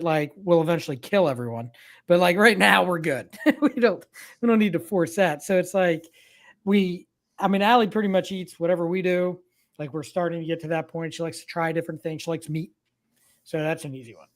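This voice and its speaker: A man hosting a casual sports podcast, rambling and joking with lots of fillers. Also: a little high. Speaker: podcast host.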